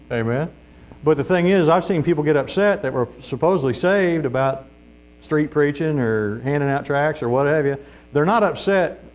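A man's voice: fairly high pitch, animated, normal speed, a little mellow. A middle-aged man preaching informally as a street preacher, telling stories in a folksy way with laughs and calls of "Amen?". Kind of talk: informal testimony sermon.

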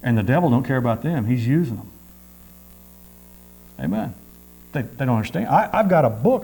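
A man's voice: medium pitch, expressive, normal speed, pauses often, a little mellow, slightly rough, low-quality recording. A man preaching a sermon in a folksy, repetitive way, with frequent amens.

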